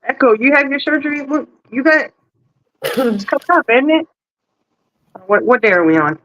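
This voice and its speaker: High-voiced teasing man on a lo-fi call. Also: animated, normal speed, sharp tone, no room sound. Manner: teasing, playful. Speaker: group chat participant. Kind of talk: casual chat.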